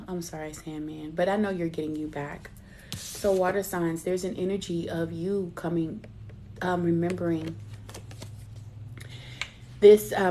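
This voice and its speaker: A woman's voice: lowish voice, darkish tone, a little hiss or hum. A middle-aged woman giving a live spiritual reading in a personal, chatty way. She laughs at herself and calls her listeners baby. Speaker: intuitive card reader.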